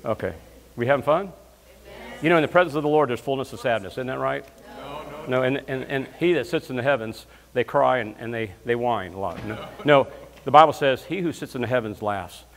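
A man preaching as a guest minister, telling comic stories and breaking into loud shouts of praise. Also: medium pitch, fairly quick. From Alabama, US South. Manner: storytelling with bursts of shouting praise. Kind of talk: lively comedic sermon. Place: church sanctuary. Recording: long church hall reverb.

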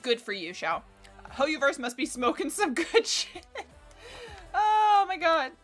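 A woman streamer with a bright, somewhat high voice chats casually while she plays. She rambles, swears freely and talks to herself and to the game. Soft game music plays quietly behind her. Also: very animated, slow. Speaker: livestreamer. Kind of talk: casual game livestream chat.

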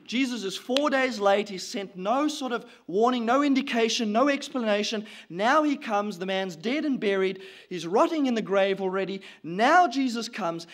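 High-voiced dramatic male preacher. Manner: dramatic, swings between hushed and loud; voices the prayers of grieving people. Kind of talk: sermon.

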